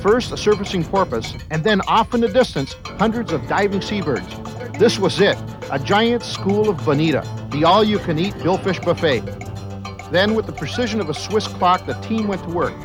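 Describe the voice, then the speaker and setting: A man narrating a fishing adventure as a voice-over, with a lively, swooping delivery. His voice sits a little high, and he builds suspense over clear background music. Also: normal speed, low-quality recording. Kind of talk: scripted documentary narration.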